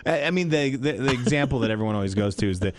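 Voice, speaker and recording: A man co-hosting a radio movie show in casual chat, animated and fond of acting out lines from films. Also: mid-range voice, racing, crowd noise. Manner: animated, acts out movie lines in bursts of raised voice.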